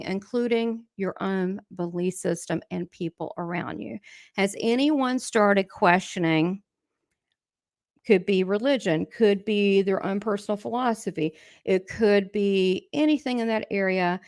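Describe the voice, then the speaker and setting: A woman's voice: mid-range voice, no echo, clean studio sound. A middle-aged woman hosting a casual livestream. She is chatty, laughs often and talks straight to her viewers while reading their comments. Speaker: livestream host and spiritual coach.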